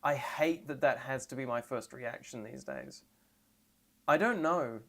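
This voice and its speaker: A trans woman streaming live and reacting to memes, rambling and sarcastic with deadpan asides, and tired. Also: a bass voice, measured pace, gravelly.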